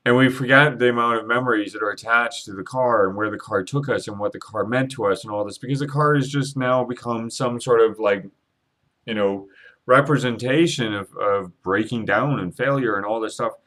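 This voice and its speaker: A man's voice: medium pitch, brisk, bright, forceful tone. Brief: emotional male spiritual vlogger, rambling and earnest, curses casually, mid-range voice. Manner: rambling, earnest, with swearing and many restarts. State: emotional, holding back tears. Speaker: Reiki practitioner and psychic vlogger. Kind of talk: emotional spiritual vlog monologue.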